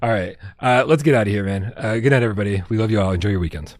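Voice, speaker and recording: A man's voice: fairly low pitch, very fast, dry recording, clean studio sound. A man hosting a casual gaming livestream, reading viewer comments, laughing and swearing freely and often stumbling over his words. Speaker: podcast host.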